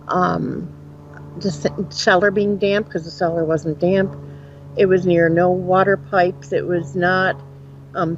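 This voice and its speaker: A woman's voice: lowish voice, slight background noise. A woman from Upstate New York, a guest psychic medium, rambling frankly and animatedly through her experiences in a casual interview. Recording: dull lo-fi sound.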